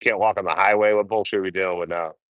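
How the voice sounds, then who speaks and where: A man with a very low voice tells road stories on a livestream, swearing freely and talking with animated energy. The sound is dry and close, with hardly any room echo. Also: very fast, lo-fi sound. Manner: profane, animated storytelling. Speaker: hitchhiking livestreamer. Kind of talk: casual storytelling on a livestream.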